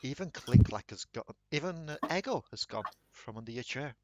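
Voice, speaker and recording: A man narrating a tabletop game as dungeon master, slow and dramatic. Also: medium pitch, expressive, noisy background.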